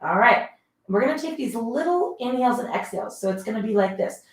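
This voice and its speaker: A woman leading a mat pilates class at home, giving chatty, encouraging cues between breathy exertion sounds. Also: on the high side, animated, fairly quick. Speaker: pilates instructor. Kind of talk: guided workout instruction. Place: home room, dogs heard about. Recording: roomy echo.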